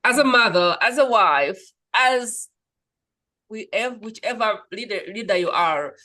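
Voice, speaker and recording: A woman hosting a podcast in casual conversation, animated and rambling, acting out little quoted scenes. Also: mid-range voice, unhurried, rough recording. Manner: animated storyteller, acts out quoted voices; rambling, restarts. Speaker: podcast host.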